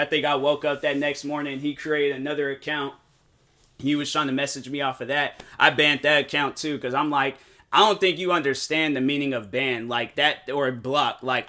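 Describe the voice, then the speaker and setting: A man's voice: a little high, bright, forceful tone. A young man, a streamer, telling a rambling story in a casual monologue, full of slang and filler words.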